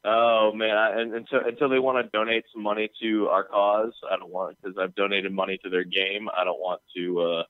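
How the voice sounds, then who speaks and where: Male co-host, relaxed and profane, lowish voice, dry phone-line sound. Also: a little fast, hardly any pauses, no echo. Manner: laid-back, swears freely, chuckles. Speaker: podcast co-host. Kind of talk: casual chat.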